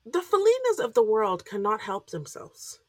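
Expressive woman on a dry-sounding podcast. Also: fairly high pitch, moderate pace, no echo. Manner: opinionated, laughs often. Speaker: podcast co-host. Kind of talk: casual recap chat.

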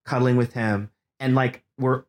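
A man's voice: mid-range voice, steady tone, a little slow. A man in his thirties, a podcast guest, candidly telling a personal story, earnest and emotional, rambling with restarts. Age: 30s.

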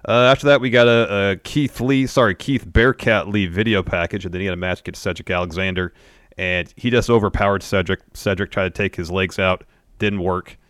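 A man's voice: low-pitched, a little fast, clean tone, no room sound, clean studio sound. A man co-hosting a casual podcast, recapping events step by step and adding opinions. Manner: steady recap, then opinions. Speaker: podcast co-host.

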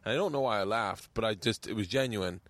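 A man's voice: on the low side, quick pace, a bit bright, no echo. Laughing man telling stories, dry sound. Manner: laughs easily, storytelling, swears. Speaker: podcast host. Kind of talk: casual chat. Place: outdoors at home.

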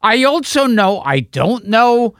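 High gravelly man laughing in chat. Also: takes it slowly, no echo, clean studio sound. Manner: laughing, excitable, trailing off mid-thought. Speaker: podcast co-host. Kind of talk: casual comedic chat.

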